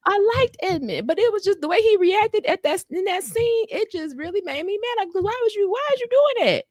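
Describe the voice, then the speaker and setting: Animated storytelling woman, dry close voice. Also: very high-pitched, a little fast, no echo. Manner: animated storytelling, acts out voices of people she quotes. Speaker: podcast co-host. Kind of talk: casual chat recapping a reality show.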